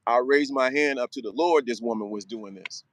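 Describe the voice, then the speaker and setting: A man's voice: mid-range voice, moderate pace, dry recording, low-quality recording. A man hosting a show, giving an emphatic motivational monologue full of slang and repeated phrases. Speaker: show host.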